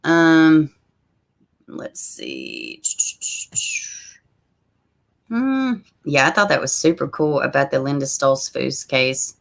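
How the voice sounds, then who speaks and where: A woman hosting a casual livestream, chatting straight to her viewers and reading their comments aloud, with soft asides under her breath. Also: a bass voice, big pitch swings, slow pace, creaky, pauses often. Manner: frequent soft asides while fiddling with links. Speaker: livestream host.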